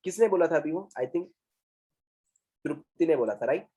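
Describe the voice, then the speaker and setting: Young male communication trainer, Indian English accent, rapid delivery mixing English and Hindi, drills key points. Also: on the high side, expressive, mellow, slightly rough. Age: 20s. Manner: mixes English and Hindi, repeats for emphasis. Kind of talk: classroom English lesson.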